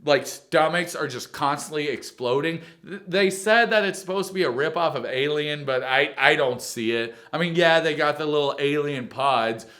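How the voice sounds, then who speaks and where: A man hosting a comedic reality TV recap, talking in an animated, crude, joking way. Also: fairly high pitch, normal speed, hardly any pauses. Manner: animated, crude jokes, mocking impressions.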